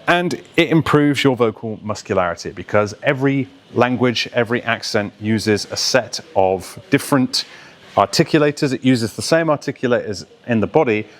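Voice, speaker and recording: A man's voice: mid-range voice, animated, normal speed. A man working as a voice coach, explaining accents and diction in an instructive way and now and then mimicking accents to make a point.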